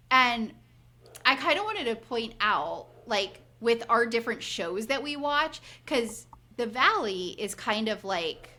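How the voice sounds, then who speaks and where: A woman's voice: on the high side, expressive, unhurried, pushed and bright. A woman in her forties co-hosting a podcast, chatting casually and animatedly, acting out quotes with lots of "like" fillers. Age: 40s. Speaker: podcast co-host. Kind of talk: casual recap chat.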